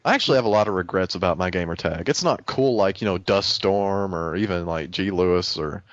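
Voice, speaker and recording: A man's voice: sits low, fairly quick, no echo. Easygoing self-deprecating male podcaster. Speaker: podcast co-host. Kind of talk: casual gaming podcast chat. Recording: dull, dry podcast audio.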